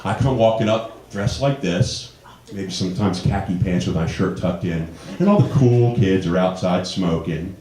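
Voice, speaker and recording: A man in his fifties doing a stand-up comedy set on a club stage, telling stories and jumping into high voices for the people he quotes. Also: moderate pace. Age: 50s. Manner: animated storytelling, jumps high for quoted voices. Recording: roomy club with audience laughter. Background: audience laughing.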